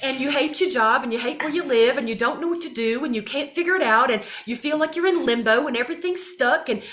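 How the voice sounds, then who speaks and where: A woman, a talk show guest chatting casually, animated and swearing freely. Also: sits high, quick pace. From Mississippi, US. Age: 50s. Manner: animated, swears freely, addresses listeners as y'all.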